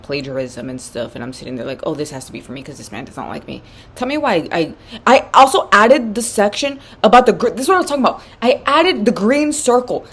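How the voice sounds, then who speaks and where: A young woman in her twenties telling a long story while doing her makeup, chatty and animated with lots of fillers. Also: deep voice. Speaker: vlogger.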